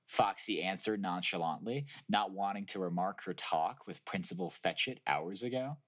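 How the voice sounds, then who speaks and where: A man's voice: sits low, normal speed, few pauses. A man co-hosting a podcast, reading fan fiction aloud and joking around. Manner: lively, jokey. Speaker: podcast co-host.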